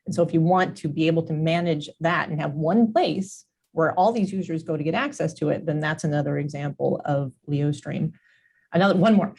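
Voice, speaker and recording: Low-voiced woman executive explaining. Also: brisk, creaky, darkish tone, breathy edge. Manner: fluent, explanatory. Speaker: company executive guest. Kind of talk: tech business interview.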